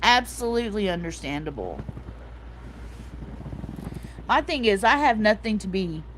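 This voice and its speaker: This woman in her forties hosts a livestream at a measured pace, her medium-pitched voice swinging widely in pitch amid slight background noise. Warm and emotional, she reads out chat comments, repeats points, and uses fillers such as "like" and "um."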